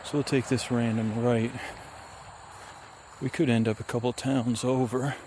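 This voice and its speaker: A man's voice: medium pitch, little pitch movement, measured pace. A man narrating casually while walking a wooded trail near a road, musing and rambling into a handheld recorder. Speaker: vlogger. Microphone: handheld recorder with fuzzy windscreen. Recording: faint outdoor traffic ambience.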